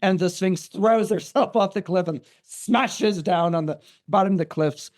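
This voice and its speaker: A man with a slightly high voice tells an old story on a podcast. He is lively and conversational, stopping to restart and throw in asides. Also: measured pace. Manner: animated, many restarts and asides. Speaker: guest astrologer.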